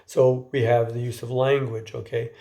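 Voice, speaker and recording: A man with a mellow, dark-toned voice lectures informally. He keeps his talk conversational and often stumbles into repeated words before he goes on. Now and then he turns to his listeners with a question. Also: medium pitch, level tone, moderate pace, creaky.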